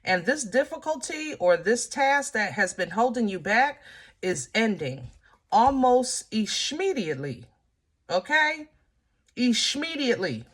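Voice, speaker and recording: A woman's voice: fairly high pitch, big pitch swings, measured pace, husky. A woman giving a casual, chatty tarot reading, talking straight to her viewers with colloquial asides and easy laughs. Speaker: tarot reader.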